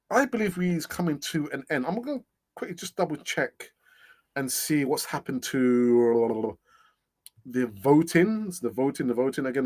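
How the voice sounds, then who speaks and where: A middle-aged man hosting a casual live stream, chatting and reading out comments, laughing often and thinking aloud with fillers. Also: a little high. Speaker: host of a fan channel live stream.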